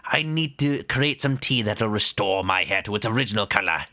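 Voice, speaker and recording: A man's voice: lowish voice, expressive, moderate pace, background noise, voice pushed down, natural voice. A man voicing a flamboyant, eccentric male detective in a game let's play, speaking in a lofty, theatrical way. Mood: airy.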